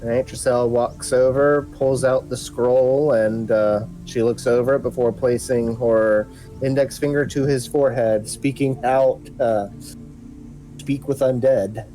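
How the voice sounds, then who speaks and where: A player in a tabletop game, playful and quick to laugh, with faint music behind. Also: medium pitch, steady tone, dark tone, rough recording.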